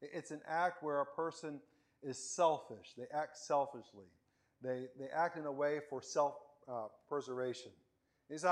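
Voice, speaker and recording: A man's voice: a little high, expressive, moderate pace. A man preaching in a conversational way, asking rhetorical questions and restarting his sentences as he thinks aloud. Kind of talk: conversational sermon.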